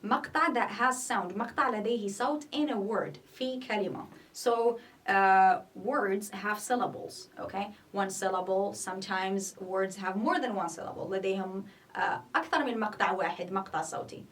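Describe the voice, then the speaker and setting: A woman's voice: medium pitch, fast, a bit bright, distant mic. A woman teaching an English grammar lesson, explaining patiently, repeating each point and checking in with "okay?". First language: not Arabic.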